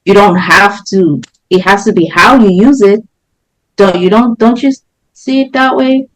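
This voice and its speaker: A woman's voice: medium pitch, unhurried, poor audio. Challenging, questioning woman. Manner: questioning and challenging, pushes back. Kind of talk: casual group discussion.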